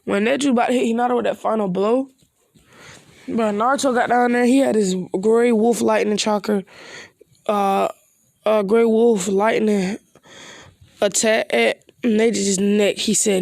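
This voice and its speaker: In studio-quality sound with no room noise, a gravelly, darkish mid-range voice speaks a little slowly with fairly even intonation. He's a fan making up an anime what-if plot on the spot, rambling, hesitant, and peppering it with "bro" and "you know."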